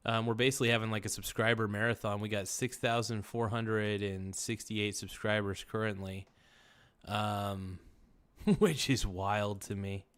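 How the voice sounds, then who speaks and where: A man's voice: lowish voice, fairly even intonation, measured pace, a bit bright. A man hosting a casual livestream, rambling and joking with viewers in chat. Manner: rambling, jokey, chants silly phrases. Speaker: livestream host.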